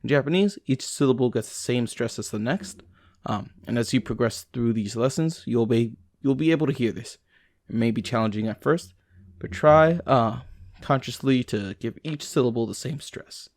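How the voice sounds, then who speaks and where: A man, a native English speaker, reading language lesson notes aloud to himself, slowing down over examples. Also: medium pitch, dry recording, clean studio sound. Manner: reads text aloud with fillers and restarts, slow over examples.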